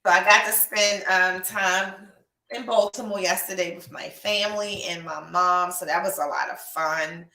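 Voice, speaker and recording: A woman's voice: lowish voice, steady tone, moderate pace, bright, forceful tone. A young adult woman hosting a podcast, chatting casually and effusively while reading out viewer comments. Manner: gushing, effusive, emotional. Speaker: podcast host and reptile breeder. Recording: echoey room, distant mic.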